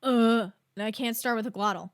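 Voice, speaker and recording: A woman streamer in casual chat, playfully trying out rough vocal sounds and voice impressions. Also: a little high, fairly quick, no room sound, clean studio sound. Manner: playful, tries out growls and impressions. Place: home streaming setup.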